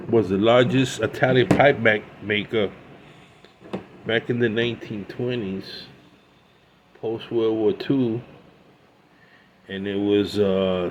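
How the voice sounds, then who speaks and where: A man in his sixties chats casually while showing off his pipe collection, rambling with lots of asides and restarts. His voice is medium-pitched, and the rough recording carries slight background noise.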